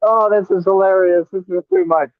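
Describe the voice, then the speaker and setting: A man taunting a rival while riding a scooter outdoors, his voice high for a man and prone to stammering restarts. The sound is thin and phone-like, and close and dry. It is a cocky, trash-talking vlog. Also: fairly even intonation, normal speed, dry recording. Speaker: vlogger.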